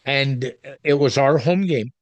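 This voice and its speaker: A man's voice: mid-range voice, a little slow, dry recording. A middle-aged man, hosting a casual interview and wandering into tangents. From Canada. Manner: chatty, goes off on tangents. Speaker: podcast host.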